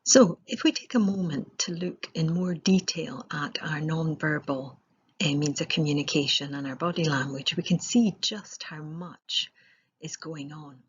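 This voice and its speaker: A woman's voice: sits low, unhurried, slightly rough, lo-fi sound. A woman giving a recorded presentation as a trainer, explaining step by step with rhetorical questions and the odd filler.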